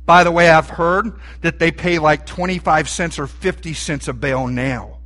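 A man delivers a sermon in a folksy, lively way, asking his listeners questions as he goes. His voice sits high for a man and sounds bright. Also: normal speed. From Texas. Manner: folksy and animated, asks the room questions. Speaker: preacher.

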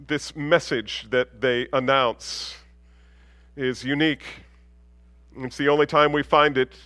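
A man preaching a sermon, swinging from loud proclamation down to a hushed near-whisper. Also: medium pitch, no echo. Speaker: pastor.

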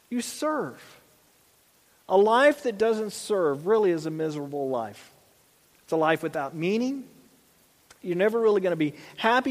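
High-voiced pastor in a reverberant church. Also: male voice. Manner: conversational, with frequent asides and restarts. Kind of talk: sermon.

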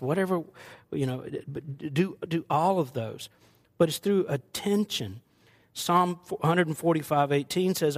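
High-voiced older pastor preaching. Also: male voice. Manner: animated, joking asides with the congregation. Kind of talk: sermon.

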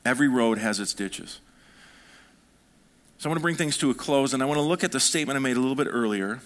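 A pastor delivering a sermon in a church, his delivery swinging between quiet, slow passages and fired-up, loud stretches. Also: medium pitch. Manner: animated preaching, swinging between soft and fired-up.

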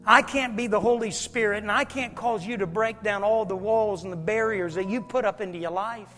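A male preacher delivers a revival sermon in a high voice. He swells to shouted peaks and sinks to whispers. His words ring through the long echo of a church hall, with soft music underneath. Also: fairly even intonation, fairly quick. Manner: swells to shouted climaxes, then drops to a whisper. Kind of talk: revival sermon with altar call. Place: church sanctuary. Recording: long reverb of a large hall.

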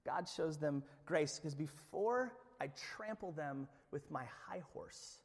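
Pastor, male, higher-pitched voice, lively live sermon, long church-hall reverb. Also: unhurried. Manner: animated, shifts from loud excitement to hushed earnestness. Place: church sanctuary.

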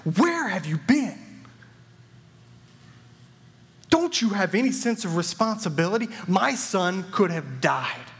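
A man voicing an angry, frantic father of a sick boy, shouting and indignant. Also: a little high, expressive, moderate pace, big-room sound, natural voice. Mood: furious.

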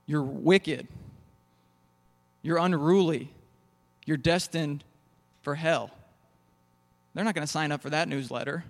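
Young guy preaching, jokey storyteller, bit high voice, big echoey hall. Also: fairly bright tone. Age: young adult. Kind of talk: sermon.

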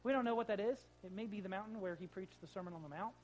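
A man's voice: high voice, rapid-fire, a little mellow, poor audio. A man preaching a sermon as pastor, plain-spoken and conversational, full of rhetorical questions. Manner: plain-spoken, with casual fillers.

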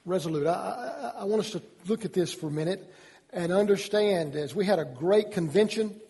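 A man's voice: high-pitched, normal speed, creaky, mellow, breathy edge, in a large hall. A middle-aged man from Georgia with a Southern accent, preaching an earnest sermon as pastor, restarting his words often. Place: church sanctuary.

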